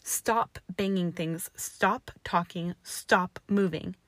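A woman's voice: fairly low pitch, normal speed, no room sound, lightly acted. A woman voicing a tall, arrogant young man who sneers and growls his lines. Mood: sneering. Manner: growling, snarling.

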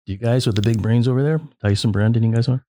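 A man's voice: medium pitch, steady tone, quick pace, mellow. A man co-hosting a casual podcast chat, rambling with many restarts and stammers.

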